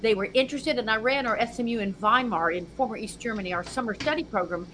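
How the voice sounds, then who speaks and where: A woman in her sixties from Virginia talks as an interview guest, her voice sitting a little on the high side. She tells stories with energy and acts out the people she quotes. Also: fast, background noise. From Virginia, USA. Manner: animated storyteller who acts out quoted dialogue. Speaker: guest, music historian. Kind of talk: conversational interview storytelling.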